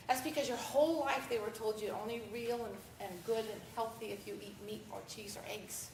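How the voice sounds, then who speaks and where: An American woman giving a talk at an event, telling stories with animated quoted voices, asking for the next slide. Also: fairly high pitch, quick pace, slight background noise. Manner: animated storytelling, acts out quotes. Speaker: vegan speaker giving a talk. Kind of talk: conference presentation with slides. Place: event hall at a festival. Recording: echoey hall, distant mic.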